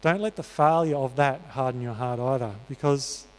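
In a reverberant church hall, a man of medium pitch preaches a sermon at a moderate pace. His manner is earnest and conversational, with many fillers.

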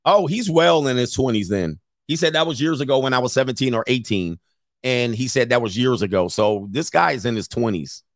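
A man's voice: mid-range voice, lively intonation, fairly quick, no room sound, studio quality. A man giving casual, blunt reaction commentary to a video clip, speaking straight to his male viewers and swearing freely. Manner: blunt, profane, addresses viewers as gentlemen.

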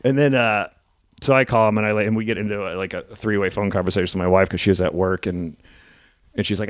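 A man's voice: on the low side, fast, dry recording. A man in his thirties hosting a podcast, telling a story in casual chat. He acts out the people he quotes and swears freely. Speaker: podcast host and stand-up comedian.

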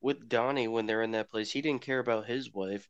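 A man co-hosting a film podcast, speaking in a relaxed way with trailing sentences. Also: mid-range voice, fairly quick, clean tone, no echo, highs cut off. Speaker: podcast co-host. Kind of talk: casual film discussion.

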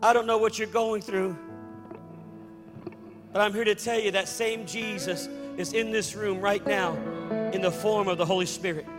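A man preaching a fervent sermon as pastor, building to loud declarations. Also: high-pitched, fairly even intonation, normal speed, pauses often, big-room sound, music in the background. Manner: fervent preaching, rising to shouts.

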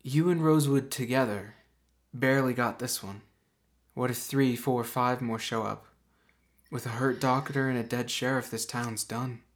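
A man's voice: mid-range voice, fairly even intonation, moderate pace, close to an everyday voice. A man playing a protective older woman. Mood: earnest. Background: background music.

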